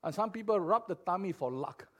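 A man preaching a sermon, emphatic and repetitive, moving between loud declarations and quiet, soft lines. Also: sits high, expressive, fairly quick. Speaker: pastor.

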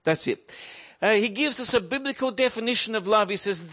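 High-voiced preacher, earnest and emphatic. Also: male voice, lively intonation, brisk, sharp tone. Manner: earnest, repeats key phrases for emphasis. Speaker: pastor. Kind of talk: sermon.

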